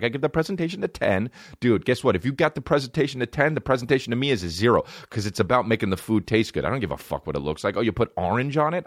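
A man riffing alone on his comedy podcast, his voice sitting low but leaping high when he gets worked up. He swerves into put-on voices mid-story. The sound is dry and close to the mic. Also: no echo. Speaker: podcast host. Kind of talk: comedic monologue. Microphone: studio microphone.

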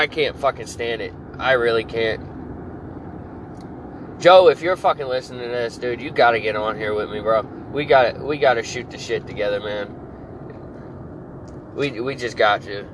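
A man's voice: medium pitch, normal speed, pauses often. Angry young man ranting over traffic noise. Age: 20s. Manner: angry, profane, repeats himself and restarts. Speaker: podcast host. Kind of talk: profane solo rant. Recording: clear background noise of traffic and air conditioning.

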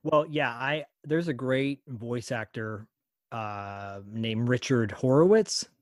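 A man talking as a guest voice actor on a podcast, easygoing and quick to laugh, often restarting his sentences. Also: medium pitch, no echo, clean studio sound. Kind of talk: casual podcast chat.

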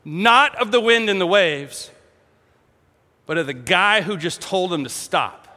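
Animated high-voiced male preacher in a hall. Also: a little slow. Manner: animated storytelling, acting out voices, laughing. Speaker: pastor. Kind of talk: sermon.

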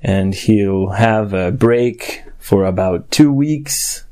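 A man's voice: lowish voice, extremely slow, warm tone. A man hosting a podcast alone, talking in a casual, playful way, switching between sulky grumbles and muttered asides. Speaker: podcast host. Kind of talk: bilingual casual podcast chat.

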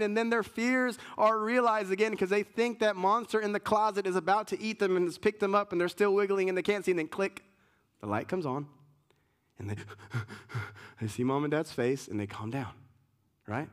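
Animated pastor, slightly high voice. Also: male voice, normal speed. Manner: animated storytelling with many restarts and fillers. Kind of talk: sermon. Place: church sanctuary with congregation.

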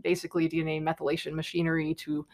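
A woman scientist joins a relaxed podcast chat. She drops dry, wry asides and explains technical points in an easy, matter-of-fact way. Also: low-pitched, racing. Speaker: scientist guest.

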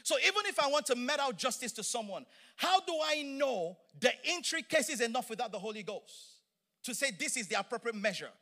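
A middle-aged man preaching a sermon, animated and emphatic with playful asides. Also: very high voice, fairly quick. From Nigeria.

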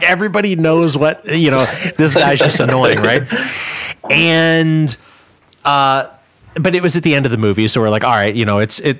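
A man of middle pitch tells a story in loose, casual chat and keeps circling back with "like" and "you know". His voice sits close and dry, with no room around it. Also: fairly bright tone, dry recording. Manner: rambling, many filler "like"s. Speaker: guest musician.

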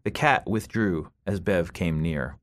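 A man reading his own short story aloud in a measured, deliberate way. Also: low voice. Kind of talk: literary reading.

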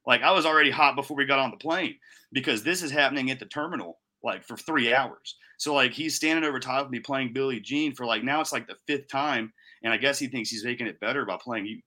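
A man co-hosting a podcast, telling a story in casual chat with plenty of swearing and animated delivery. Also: medium pitch, a little fast. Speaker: podcast co-host.

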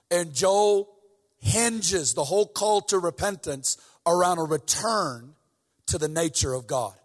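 A man preaching a sermon with intense, sing-song, shouting delivery that drops at times to soft, tender talk, quoting scripture and having the crowd repeat after him. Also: high voice, expressive, measured pace, big-room sound. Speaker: guest preacher.

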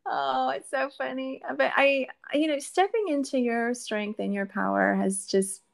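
A woman hosting a podcast, chatting casually and warmly gushing with frequent excited exclamations. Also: high-pitched, a little slow, vocal fry. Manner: bubbly, gushing, exclaims often. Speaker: podcast host. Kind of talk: casual chat.

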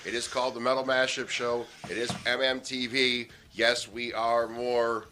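A man's voice: medium pitch, little pitch movement, moderate pace, pushed and bright. A man hosting a casual talk show, brash and profane, rambling through his banter. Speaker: show host. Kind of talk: casual chat.

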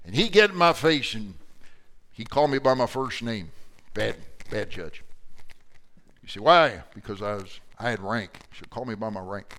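An older man teaching a Bible class in a church, with a dynamic delivery that swings from loud emphasis to quiet asides in front of a live audience. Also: mid-range voice. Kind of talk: sermon-style Bible teaching.

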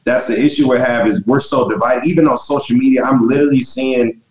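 A man leads a casual group chat, rambling through long run-on thoughts. His voice sits in a roomy, echoey space, and the recording sounds dull and lo-fi. He talks at an ordinary pitch for a man. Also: steady tone, brisk, darkish tone. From United States.

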